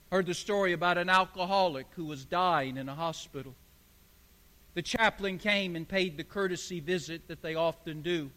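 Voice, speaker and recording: A man's voice: a little high, sharp tone, long reverb tail. A man preaching a sermon as pastor, emphatic and building phrase on repeated phrase.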